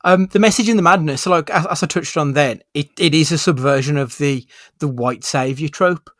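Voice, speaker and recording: A man's voice: fairly high pitch, moderate pace, no echo, clean studio sound. A man co-hosting a podcast, casually chatting through a film review and leading the rating categories. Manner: relaxed, leads the rating categories. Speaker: podcast co-host.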